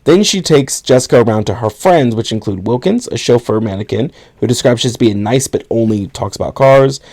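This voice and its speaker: A man's voice: mid-range voice, lively intonation, fairly quick, darkish tone. Casual man recapping a film, laughing. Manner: rambling, laughs often, swears casually. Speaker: podcast co-host.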